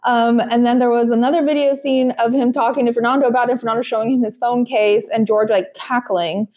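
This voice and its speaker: Young woman chatting on a podcast, kinda high voice, lots of likes and ums. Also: steady tone, fairly quick, darkish tone, lo-fi sound. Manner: chatty, frequent fillers and restarts. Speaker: podcast co-host. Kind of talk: casual chat.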